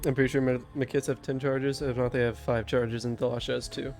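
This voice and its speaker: Young man, game master, mellow voice, relaxed loose narration, fillers and restarts, faint music behind. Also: mid-range voice, a little fast. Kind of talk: casual tabletop game narration.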